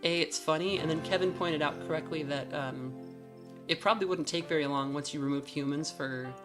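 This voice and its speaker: A chatty woman streamer with a low voice, reading a story game aloud. She breaks off into casual asides full of fillers, while clear music plays behind her. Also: a little fast. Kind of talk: game let's play with narration.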